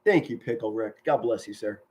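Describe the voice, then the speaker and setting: A middle-aged man giving excited live football play-by-play from home, shouting big plays and chatting warmly with his viewers. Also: lowish voice, brisk. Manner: enthusiastic, yells touchdown calls, chatty and sentimental with viewers. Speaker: amateur play-by-play commentator streaming live.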